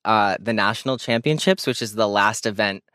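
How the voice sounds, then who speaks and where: A young man, a guest talking from inside a parked car, joking in a quick-witted, self-deprecating way. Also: fairly low pitch, sharp tone, no room sound, clean studio sound. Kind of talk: casual comedic interview chat.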